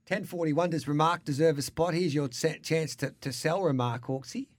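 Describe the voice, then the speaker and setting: A brisk Australian man hosts a racing radio show. His voice sits a touch high, and the studio sound is dry and close. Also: dry recording. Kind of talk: casual radio banter.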